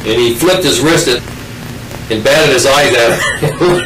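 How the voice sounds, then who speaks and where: A man's voice: mid-range voice, lively intonation, normal speed, distant mic, noisy background. An older man telling a rambling, folksy personal story in casual oral-history style, full of restarts and asides. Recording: roomy sound from off mic.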